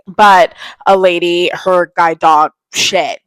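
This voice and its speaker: A woman's voice: lowish voice, steady tone, unhurried, clear, resonant tone, no echo, poor audio. A young woman in casual vlog chat, telling candid stories about her day and swearing freely. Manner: chatty storytelling, candid and swearing. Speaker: vlogger.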